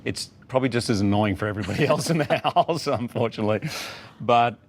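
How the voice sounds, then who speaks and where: A man with an Australian accent, a guest in a casual interview, telling a story with lively acted quotes. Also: medium pitch, fast. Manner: animated storyteller, acts out quotes. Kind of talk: casual chat.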